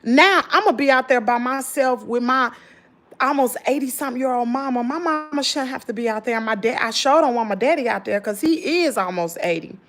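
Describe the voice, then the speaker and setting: Tired southern lady venting to y'all, loud then muttering low, kinda high pitched. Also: brisk. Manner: animated, swings from loud exclaims to low muttering; folksy slangy talk, addresses viewers as y'all. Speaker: channel host. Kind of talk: casual venting chat to viewers.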